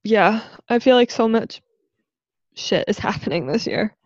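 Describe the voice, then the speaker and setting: A woman's voice: a little high, a little slow, darkish tone, no echo, muffled recording. A young woman in her twenties co-hosting a casual podcast, easygoing and agreeable, peppering her talk with "yeah" and "like". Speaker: podcast co-host. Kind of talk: casual chat.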